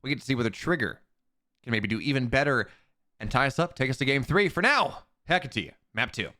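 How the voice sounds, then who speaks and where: A man casting a live strategy game match, chatty and self-mocking, rising with excitement on plays. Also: mid-range voice, fast. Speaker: esports caster.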